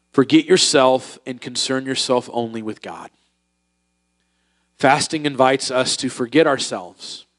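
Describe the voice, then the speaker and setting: Conversational male pastor preaching. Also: medium pitch. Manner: conversational, with filler words and acted-out voices. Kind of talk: sermon. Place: church.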